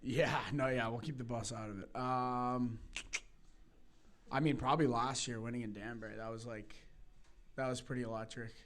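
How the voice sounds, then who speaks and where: A man's voice: medium pitch, steady tone, normal speed, fairly bright tone. A young adult man, a hockey player guest, telling casual rambling anecdotes with fillers and laughs. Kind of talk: casual storytelling.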